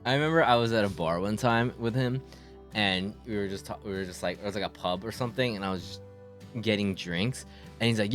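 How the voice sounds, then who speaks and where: A man's voice: lowish voice, a little fast, faint music behind. A young man streaming live, chatting casually and telling stories about a friend, acting out voices in the quotes. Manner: animated storyteller, acts out quoted voices. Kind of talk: casual chat.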